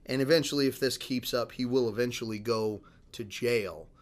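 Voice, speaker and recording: A man's voice: mid-range voice, normal speed. A man co-hosting a podcast, rambling through a news story in casual chat with many fillers and restarts. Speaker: podcast co-host.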